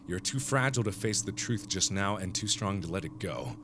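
A man's voice: sits low, very animated, a little fast, noisy background, voice pushed down. A man voicing glowing fairy-like beings in a game who speak in solemn, grandiose riddles.

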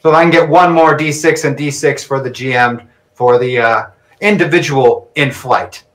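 Narrating a tabletop game on a live stream, a man acts as game master, chatting, laughing often, and thinking aloud as he calls out dice rolls. He speaks at a medium pitch and normal speed.

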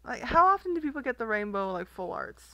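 A young woman who vlogs about card collecting chats casually while opening trading card packs, giggling often and reading card names aloud. Her voice is high, bright, and forceful with big pitch swings and a fast pace, recorded with no room sound.

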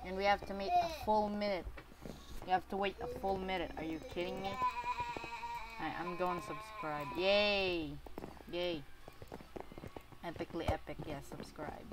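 A woman with a light, thin voice giving casual, excitable commentary over her own gameplay. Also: on the low side, unhurried, long pauses, background noise. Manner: excitable, chatty, bursts into laughter and cheers. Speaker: gaming YouTuber.

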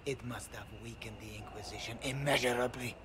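A man's voice: medium pitch, steady tone, fairly quick, a crowd in the background, close to an everyday voice. An actor voicing an arrogant, self-important male noble spy in a video game, speaking in a haughty, sneering, half-whispered manner.

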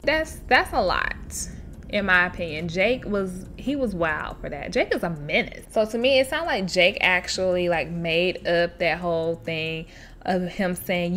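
A woman hosting a show where she reads online stories aloud and reacts to them in an expressive, chatty way, laughing often and talking straight to her listeners. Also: fairly low pitch, a little hiss or hum. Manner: chatty, addresses listeners directly. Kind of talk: casual storytelling with commentary.

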